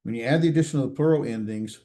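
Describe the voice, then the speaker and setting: Halting, mellow-voiced male instructor. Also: medium pitch. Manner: halting, many fillers and restarts; checks in with students, self-correcting. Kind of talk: recorded class lecture. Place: classroom.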